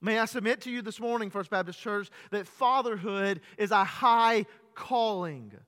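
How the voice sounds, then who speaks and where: A man with a high, bright, ringing voice preaches a sermon in a church, with a long reverb trailing after his words. He repeats words as he builds up, calls his listeners "beloved," and swings between hushed, low stretches and loud, raised preaching. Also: moderate pace. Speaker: pastor. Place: church sanctuary during a morning service.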